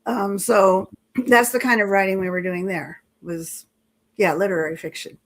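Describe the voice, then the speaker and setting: A woman's voice: medium pitch, steady tone, moderate pace. An older woman, a guest author in a casual interview, telling anecdotes with frequent chuckles and restarts.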